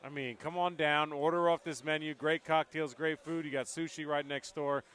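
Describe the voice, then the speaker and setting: A man hosts sports radio from a busy pub, upbeat and talkative. His voice sits a touch high and sounds smooth and clear. He chats casually, plugging drinks between football talk. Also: fairly even intonation, moderate pace, fairly bright tone. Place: busy pub, remote broadcast.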